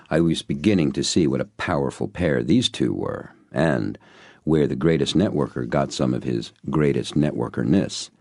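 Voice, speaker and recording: A man's voice: a bass voice, normal speed, darkish tone, no echo, studio quality. A man narrating an audiobook in an earnest storytelling manner. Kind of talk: scripted narration.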